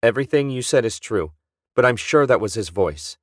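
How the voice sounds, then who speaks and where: A man's voice: medium pitch, expressive, fairly quick, dry recording, natural voice. A man voicing a weary space pilot who talks in a dry, matter-of-fact way.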